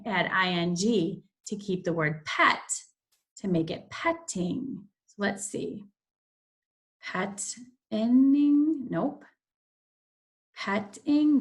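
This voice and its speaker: A woman teaching a phonics lesson, slowly reading each word aloud and repeating it with care. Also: mid-range voice, fairly bright tone.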